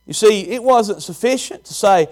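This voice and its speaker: High-voiced preacher, folksy. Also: male voice, normal speed. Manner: folksy, animated, quizzes the congregation. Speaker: pastor. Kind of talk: sermon.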